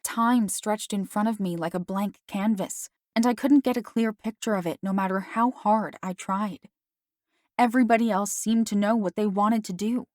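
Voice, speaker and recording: A woman reading a first-person novel aloud as an audiobook narrator. Her telling is steady and even, with a middle-pitched voice. The recording is dry and close. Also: no room sound.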